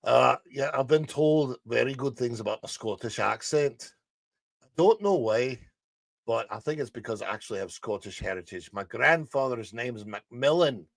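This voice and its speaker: A middle-aged man hosts a casual news show from a studio, reading articles aloud and breaking off for chatty asides. His voice has a gravelly, fry-tinged texture at a middle pitch. The sound is dry, with no room echo. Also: normal speed, few pauses. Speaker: livestream news show host.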